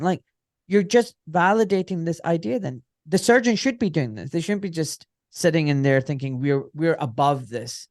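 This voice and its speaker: Animated, blunt middle-aged man. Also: on the high side, normal speed, no room sound, studio quality. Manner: animated, blunt, swears, acts out quoted voices. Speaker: guest, orthopaedic surgeon. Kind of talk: candid conversational storytelling.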